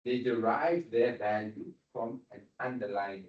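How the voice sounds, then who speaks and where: A man with a lowish voice delivers a university lecture without hurrying. He keeps asking his students if they follow, checking their understanding as he goes. The recording has the roomy, dull sound of a lecture hall.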